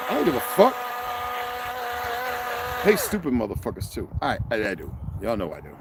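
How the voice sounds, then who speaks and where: A man's voice: lowish voice, moderate pace, long pauses, heavy background noise. A man hosting a livestream, ranting with constant cursing and greeting viewers in the chat. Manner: confrontational, cursing, animated. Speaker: livestream host.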